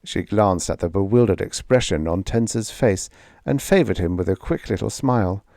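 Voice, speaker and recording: A man narrating a vintage science fiction short story as a sleep story, calm and measured. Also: low voice, creaky, no room sound, studio quality. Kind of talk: scripted audiobook narration for sleep.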